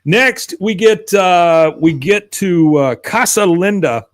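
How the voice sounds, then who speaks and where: A man's voice: high voice, lively intonation, slow pace. A man co-hosting a podcast, casually retelling an episode scene by scene and quoting the characters. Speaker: podcast co-host.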